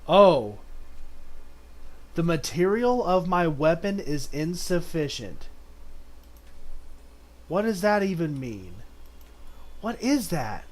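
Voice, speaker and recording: Guy streaming a game, talks slow, kinda high voice, reads stuff out then gets all hyped. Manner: reads game text aloud and reacts with sudden excited outbursts. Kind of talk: casual gameplay commentary.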